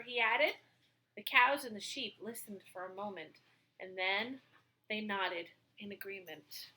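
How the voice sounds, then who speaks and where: A woman reading a children's picture book aloud with expressive storytelling. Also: mid-range voice, takes it slowly, low-quality recording.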